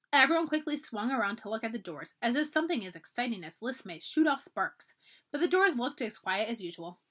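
A librarian reads a children's chapter book aloud, her pitch a little high and very lively. She tells the story expressively, like a read-aloud for young listeners. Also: brisk.

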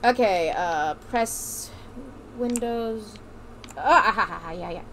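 A woman's voice: mid-range voice, slow pace, heavy background noise. A woman streamer chatting while gaming, joking in mock pirate speech with a lot of swearing. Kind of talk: casual gaming chat.

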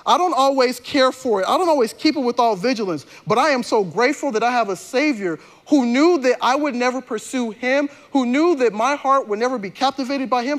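A man preaching a sermon in a conversational way, acting out dialogue with slangy voices and dropping soft for tender moments. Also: extremely high pitch. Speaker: pastor. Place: large church hall.

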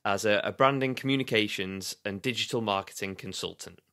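A man's voice: on the low side, fairly quick, sharp tone, dry recording, clean studio sound. A man hosting a podcast, upbeat and jokey, moving from a scripted intro into casual interview chat. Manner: upbeat and jokey, laughs easily. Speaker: podcast host.

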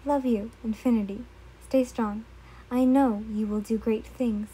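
A woman reading as a loving mother in a dream, tender and full of remorse. The voice sits a little high, with a mellow, husky tone. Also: steady tone, a little slow, low-quality recording. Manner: tender, emotional.

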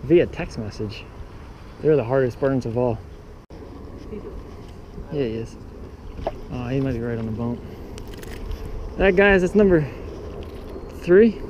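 A man hosting a fishing vlog from a boat, casual and excitable, hollering when he lands a fish. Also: mid-range voice, measured pace, long pauses, lo-fi sound. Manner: excitable, hollers over catches. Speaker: fishing vlogger. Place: outdoors on a small fishing boat. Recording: noisy outdoor boat audio.

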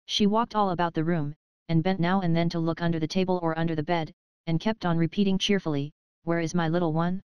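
A woman reading an audiobook aloud in a measured, unhurried narration style. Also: fairly low pitch, fairly even intonation, a little mellow, clean tone, no echo, lo-fi sound.

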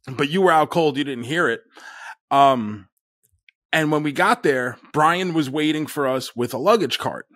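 A man telling a story in casual chat as a podcast guest, deadpan and often laughing. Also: a little high, no echo, clean studio sound.

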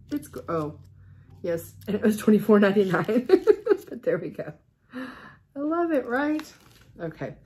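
A middle-aged woman vlogging at home in a casual unboxing chat, gushing and excitable. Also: medium pitch, a little hiss or hum. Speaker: stitching vlogger. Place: at home with a cat.

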